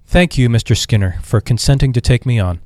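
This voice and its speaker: A man's voice: medium pitch, brisk, a little mellow, no echo, clean studio sound, lightly acted. A man reading aloud and voicing a cheerful, earnest young army veteran looking for work. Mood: eager.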